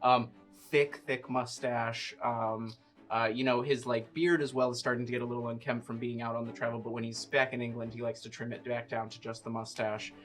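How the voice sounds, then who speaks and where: Guy playing a tabletop rpg, describing his character, lots of ums and pauses. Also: mid-range voice, level tone, fairly bright tone, faint music behind. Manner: halting, with many fillers. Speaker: player.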